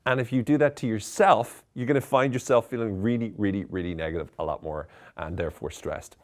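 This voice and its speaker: A man's voice: fairly low pitch, brisk, hardly any pauses. A man giving mock-serious, tongue-in-cheek self-help advice in a conversational, ironic way.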